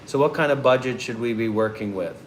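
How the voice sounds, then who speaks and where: A man's voice: mid-range voice, a little fast, slight background noise. Rambling male meditation vlogger. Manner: rambling, repetitive, restarts often. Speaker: meditation teacher, channel host. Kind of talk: casual questioning.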